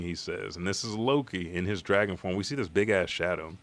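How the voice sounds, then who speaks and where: A man hosting a live comic reaction stream, talking in a rambling, profane, excitable way. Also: deep voice, a little fast.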